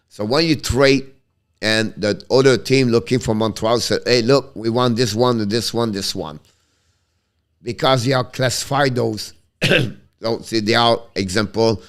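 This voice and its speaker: With a Quebec French accent, this man hosts a relaxed hockey stream and answers his viewers haltingly, often beginning sentences again and slipping between English and French. His voice sits on the low side, a bit bright, with a clean tone.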